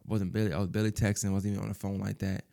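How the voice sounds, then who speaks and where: A man in his thirties with a fairly low voice thinks out loud about his life in a personal monologue. He speaks softly and haltingly, restarting phrases and leaning on "you know" and "man". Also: level tone, creaky. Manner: halting, repeats words, fills with "you know"; soft-spoken and subdued.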